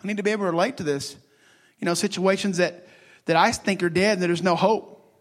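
High-pitched guy preaching, fired up then quiet, keeps restarting his sentences. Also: steady tone. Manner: impassioned, swinging between loud and hushed, halting restarts. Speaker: pastor. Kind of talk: sermon.

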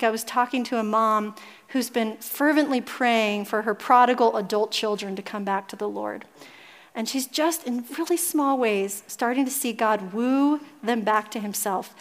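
A woman's voice: on the high side, normal speed. A woman in her thirties, a pastor preaching a sermon and telling a family story to her congregation in an earnest way.

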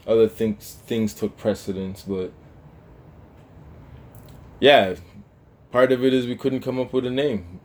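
A man's voice: medium pitch, measured pace, long pauses, darkish tone. A man co-hosting a casual talk show, chatting loosely with lots of fillers and restarts. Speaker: podcast co-host. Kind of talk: casual chat.

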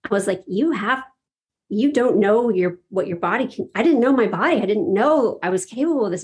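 A woman's voice: mid-range voice, darkish tone, husky. A woman sharing a heartfelt personal story in casual talk, laughing often and acting out her own reactions.

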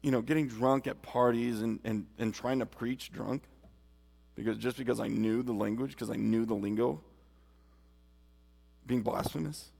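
A man's voice: mid-range voice, steady tone, moderate pace, vocal fry, long pauses, darkish tone. A man preaching a sermon and giving his testimony, earnest and emphatic, speaking straight to his listeners. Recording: long hall reverb.

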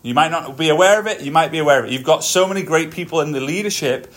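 Male podcast host, a touch high-voiced, upbeat motivational storyteller, talking while on a treadmill. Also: fast talker. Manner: energetic, storytelling, talks while walking on a treadmill.

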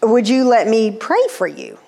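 A woman preacher calling out from the front of a church , as a storyteller quotes her, direct and inviting in manner. Her questions come plainly and warmly as she picks people out and asks to pray for them. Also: fairly high pitch, sing-song, unhurried, gravelly, in a large hall, exaggerated voice.

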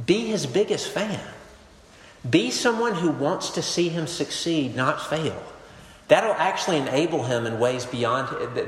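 A male pastor preaching a sermon, telling stories with animated swings between emphatic and hushed delivery. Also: fairly high pitch. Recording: echoey hall with long reverb.

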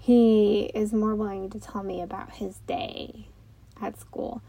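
Slow, gravelly-voiced mom talking gently. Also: female voice, medium pitch, level tone, low-quality recording. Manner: gentle, reflective, many fillers. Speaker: podcast host, mother. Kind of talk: casual talk.

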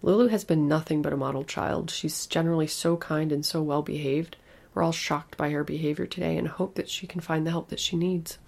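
A woman voicing a stern, judgmental middle-aged daycare director who speaks in measured tones. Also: sits low, fairly even intonation, vocal fry, a little mellow.

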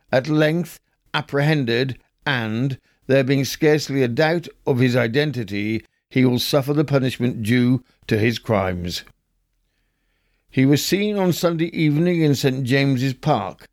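Slow, measured male newspaper reader. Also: medium pitch, darkish tone, no room sound, studio quality. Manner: measured, wry storytelling delivery. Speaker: podcast host. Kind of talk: reading old newspaper stories aloud.

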